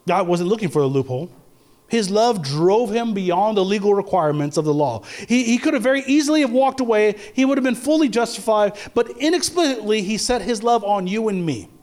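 A man's voice: high voice, fairly quick, darkish tone. A man preaching a sermon in a conversational way, with stumbles and restarts, rising to emphatic peaks. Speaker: pastor.

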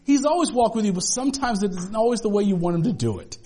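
A man with a notably high voice preaches to his congregation in church. He talks in a loose, conversational way and drops in humorous asides. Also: expressive, quick pace, mellow. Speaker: pastor. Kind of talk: sermon.

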